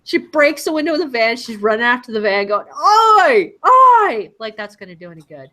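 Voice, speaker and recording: A woman's voice: on the high side, fast. A woman co-hosting a podcast, chatting about a TV show and acting out scenes as she goes. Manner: animated, acts out scenes in quoted voices. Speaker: podcast co-host. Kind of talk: casual chat reviewing a TV show.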